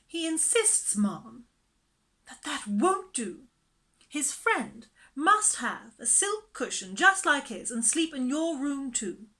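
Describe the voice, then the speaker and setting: Woman as a brisk, firm nanny. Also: high voice, big pitch swings, bright, forceful tone, pitched above the performer's own voice, exaggerated voice. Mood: matter-of-fact. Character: calm, brisk, matter-of-fact nanny.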